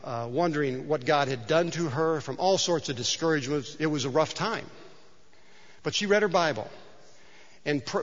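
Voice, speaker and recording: A man's voice: a little high, fairly bright tone. A male pastor preaching a sermon in a church, talking conversationally with asides and rhetorical questions. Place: church sanctuary. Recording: dull sound with long hall reverb.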